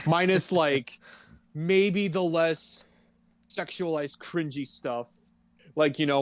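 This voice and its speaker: High-voiced young man, sarcastic chat. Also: dry recording. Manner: sarcastic, laughs often. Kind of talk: casual chat.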